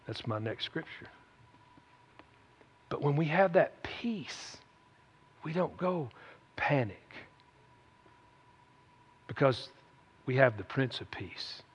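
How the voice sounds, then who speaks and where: Slow and expressive, with long pauses and a husky, medium-pitched voice, this preacher delivers his sermon in a homespun, chatty manner. He keeps tossing "amen?" to the congregation, captured in an echoey hall with muffled lo-fi sound.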